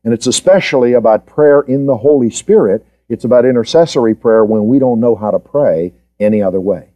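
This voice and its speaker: A man's voice: medium pitch, fairly quick, mellow, muffled recording. A man giving a Bible study lecture, quizzing his students and repeating key points for emphasis. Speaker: Bible teacher.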